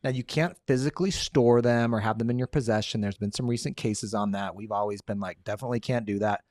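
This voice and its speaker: A man's voice: on the low side, fast talker, a little mellow, no echo, studio quality. A man hosting a casual podcast, answering listener questions in an upbeat, joking way. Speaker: podcast host and lawyer.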